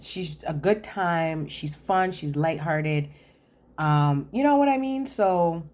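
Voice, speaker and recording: A woman's voice: lowish voice, a little mellow. A woman hosting a chatty, sassy recap of a reality TV episode, talking straight to her viewers. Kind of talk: casual episode recap commentary.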